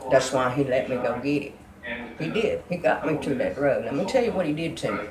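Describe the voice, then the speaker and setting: A woman's voice: rumbling low, animated, fairly quick, roomy sound, crowd noise, poor audio. A woman giving a fervent, emotional religious testimony.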